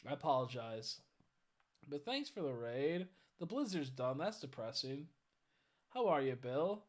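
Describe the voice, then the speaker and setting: A man's voice: medium pitch, sing-song, unhurried. A tired man chatting casually on a live stream, rambling and swearing as he greets viewers. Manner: rambling, swearing, stumbles over chat names.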